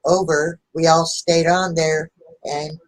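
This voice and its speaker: A woman's voice: deep voice, little pitch movement, takes it slowly, low-quality recording. Chatty woman guest on a live stream. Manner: chatty, friendly, trails off mid-thought. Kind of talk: casual chat.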